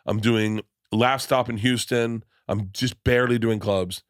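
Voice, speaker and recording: A man's voice: mid-range voice, fairly even intonation, a little slow, no room sound, clean studio sound. A man hosting a podcast, telling a story in a casual, rambling way, swearing often and acting out the people in it. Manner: rambling, restarts sentences, swears freely; acts out quoted people in his stories. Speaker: podcast host and stand-up comedian.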